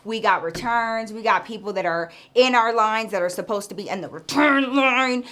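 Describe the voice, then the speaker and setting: A woman's voice: on the high side, normal speed, a bit bright. Chatty woman telling a story. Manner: chatty, frank, addresses listener as girl. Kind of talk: casual storytime chat.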